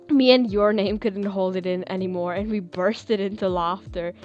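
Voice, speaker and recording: A woman's voice: medium pitch, fairly even intonation, normal speed, hardly any pauses, darkish tone, dull audio, soft background music. Casual woman reading fan fiction. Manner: casual, with fillers and small laughs. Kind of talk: casual storytelling and chat.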